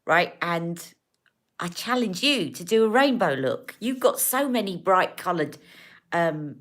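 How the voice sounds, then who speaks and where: Woman, beauty livestream host, chatty and warm with viewers, slightly low voice, speaks into a phone or webcam. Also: lively intonation, unhurried. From United Kingdom. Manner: chatty, affectionate, emotional, rambling. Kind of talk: casual livestream chat with viewers.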